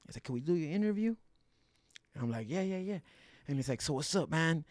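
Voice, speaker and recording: A man telling fight stories in a podcast interview, profane and animated, acting out the quotes in a slangy, casual way. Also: on the high side, fairly quick, no echo. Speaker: guest fighter.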